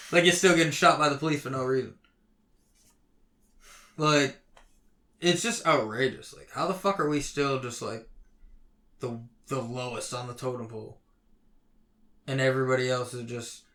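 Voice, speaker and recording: This young man, co-hosting a laid-back podcast, goes on a fired-up rant full of constant cursing. His volume keeps swinging from shouted bursts down to quiet mutters.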